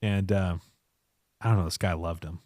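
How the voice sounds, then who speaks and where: A man's voice: deep voice, normal speed, dry recording, clean studio sound. A man hosting a podcast, telling stories in a casual chat with lots of laughter and acted-out voices of the people in them. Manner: animated, laughs often, acts out quoted people in a raised voice. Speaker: podcast host, company founder.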